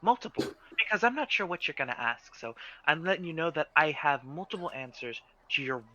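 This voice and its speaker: A man's voice: on the high side, expressive, a little fast, sharp tone, dull audio. A man voicing a cheerful, scatterbrained female potion seller in a tabletop game, rambling and easily confused. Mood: chirpy.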